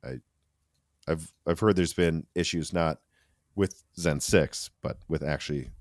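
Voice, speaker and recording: A man with a deep, low voice hosts a casual tech podcast. He talks in an animated, rambling way, restarting sentences and adding asides. The sound is close and dry, with no room behind it. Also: measured pace, no room sound. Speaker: podcast host.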